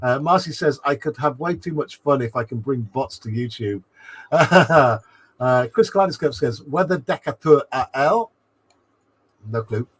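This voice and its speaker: A man's voice: medium pitch, animated, measured pace, a little hiss or hum. A man hosting a livestream, reading chat messages aloud with frequent laughs and fillers. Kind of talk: casual chat.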